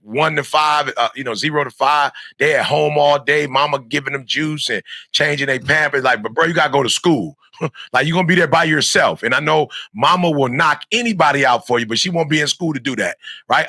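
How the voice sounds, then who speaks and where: A middle-aged man preaching motivation to kids, his voice pitched a little high with a gravelly, fry-laden edge. The tone is bright and forceful, and every point gets hammered home through repetition. He sounds close and dry, with no room around him. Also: fairly quick, dry recording. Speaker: motivational speaker. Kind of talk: motivational talk to young students.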